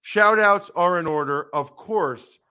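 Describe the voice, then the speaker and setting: A man hosting a sports talk show, giving emphatic, animated opinions on football news and teasing his co-host. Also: high-pitched, takes it slowly, smooth.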